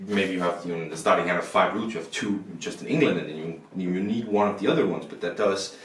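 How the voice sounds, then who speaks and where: A man's voice: low voice, fast, a bit bright. A man, a board game reviewer rambling casually through the rules and his opinions, often restarting his sentences. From Denmark. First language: Danish. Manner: rambling, restarts often, self-deprecating asides. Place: indoors at a table. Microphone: camera mic, self-recorded. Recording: roomy echo, faint background noise.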